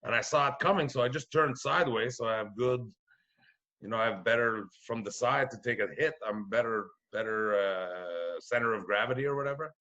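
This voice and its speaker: A man's voice: medium pitch, brisk, muffled recording. Profane storytelling man from Quebec. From Quebec, Canada. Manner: profane, animated, acts out voices. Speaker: comedian guest. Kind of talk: casual storytelling.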